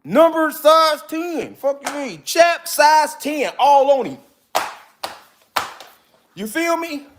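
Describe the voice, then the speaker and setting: A man's voice: extremely high pitch, lively intonation, slow, long pauses. A man giving a profane, preachy lecture to his viewers, full of repeated call-and-response asides. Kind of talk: street-style lecture to viewers.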